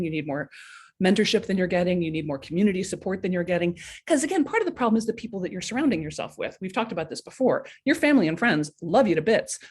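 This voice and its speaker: A woman with a fairly low, slightly rough voice runs a live coaching stream, recorded on a webcam or laptop mic. Lively and blunt, she addresses viewers casually with motivational talk and acts out the voices inside their heads.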